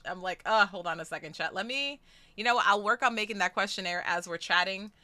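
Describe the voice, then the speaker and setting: A young woman hosts a live stream with a very bright, clear tone, recorded close and dry. She talks casually to her chat, excitable and quick to swear, swinging from easy chatter to squeals. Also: medium pitch, dry recording. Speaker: streamer hosting a charity stream.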